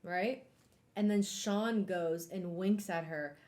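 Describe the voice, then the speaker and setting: A woman hosting a casual live-stream book club, talking in an animated way with exclamations and trailing fillers. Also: fairly low pitch, takes it slowly.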